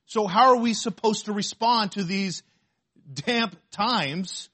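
A man preaching a sermon to a congregation, reading scripture aloud slowly and asking the listeners questions. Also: sits high, bright, forceful tone. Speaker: pastor.

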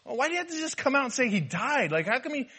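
A woman's voice: lively intonation, moderate pace, natural voice. A man putting on a fussy, exasperated wife who scolds her husband, as a joke told in a sermon. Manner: exasperated, scolding, high-pitched. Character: fussy upset wife, middle-aged woman.

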